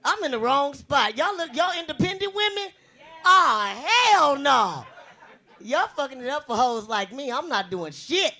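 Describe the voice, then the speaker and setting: A young woman from the US West Coast works a comedy club stage with a big, bright voice. Her pitch leaps around as she fires off brash, bawdy punchlines. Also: very animated, a little slow. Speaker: stand-up comedian. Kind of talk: stand-up comedy routine.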